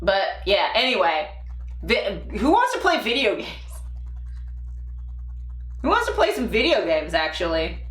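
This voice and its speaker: A woman's voice: mid-range voice, wildly swooping pitch, unhurried, long pauses, fairly bright tone. A young woman streaming live, telling rambling stories in a casual, profane and giggly way. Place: home room. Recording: echoey room.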